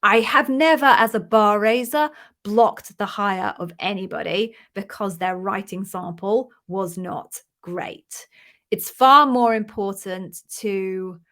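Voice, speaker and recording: A woman's voice: mid-range voice, takes it slowly, fairly bright tone. A middle-aged woman working as an interview coach, answering viewer questions in a casual, direct and reassuring way. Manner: direct, conversational, reassuring advice.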